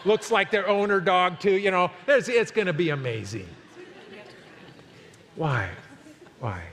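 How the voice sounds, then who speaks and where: Pastor, man in his sixties, animated sermon storyteller, voice sits a little high, long church reverb. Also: unhurried. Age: 60s. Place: church sanctuary. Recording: long hall reverb, faint noise.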